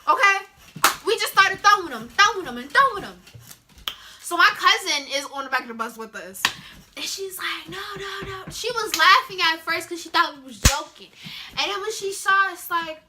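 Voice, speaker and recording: A teenage girl telling a story in a casual, animated way, acting out the scenes with sound effects. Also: very high voice, normal speed, background noise. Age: teens. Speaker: vlogger.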